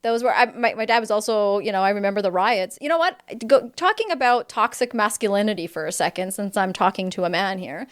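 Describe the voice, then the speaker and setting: A woman's voice: mid-range voice, animated, fairly quick, few pauses. A woman, hosting a podcast in a casual, chatty way, often restarting her sentences. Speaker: podcast host. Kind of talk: casual conversation.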